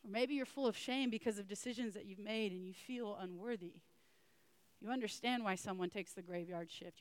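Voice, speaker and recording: A woman's voice: mid-range voice, clear, resonant tone, no echo. Woman preacher giving a sermon, earnest, talks right to the people, dry close sound. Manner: earnest, addresses listeners directly with repeated questions.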